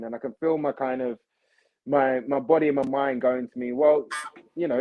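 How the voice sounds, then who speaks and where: A man's voice: medium pitch, lo-fi sound. A young man, chatting animatedly as a podcast guest and calling people mate and bro. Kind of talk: casual chat.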